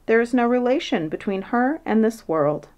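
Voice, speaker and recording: A quick, flighty male philosopher who lectures insistently and brooks no interruption, read out by a woman. The voice stays close to her own plain reading voice. It is a storybook reading rather than a full performance. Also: on the high side, animated, a little mellow, dull audio, natural voice.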